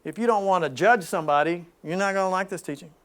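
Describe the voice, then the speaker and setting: High-voiced man giving a spiritual talk. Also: quick pace, smooth. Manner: dynamic, swings from loud emphasis to soft hushed speech; laughs between points. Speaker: spiritual group leader. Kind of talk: spiritual talk to a small group.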